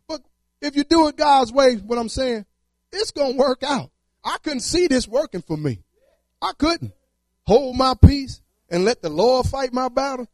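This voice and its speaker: A man's voice: extremely high pitch, expressive, a little slow, no echo. A man telling his testimony in church, storytelling with fervor and colloquial speech. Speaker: testimony speaker.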